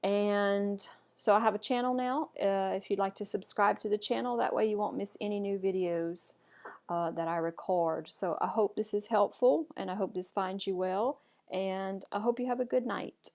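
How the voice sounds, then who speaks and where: A woman's voice: medium pitch, steady tone, normal speed, darkish tone. A woman teaching pronunciation in an online lesson, repeating each word carefully and encouraging the learner. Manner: models words repeatedly, encouraging. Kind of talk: slow, patient online lesson.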